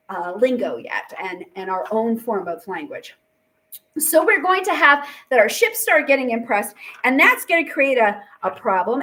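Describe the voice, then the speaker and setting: A woman's voice: fairly high pitch, fairly bright tone. A woman teacher giving a casual, chatty history lecture, full of fillers and playful asides. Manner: chatty, acts out quotes with fillers.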